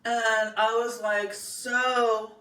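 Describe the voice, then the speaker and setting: A middle-aged woman with a high, pushed, bright voice tells a personal story extremely slowly and with flat delivery. She meanders chattily, doubling back with fillers and restarts, and sounds a little distant from the mic in an echoey room.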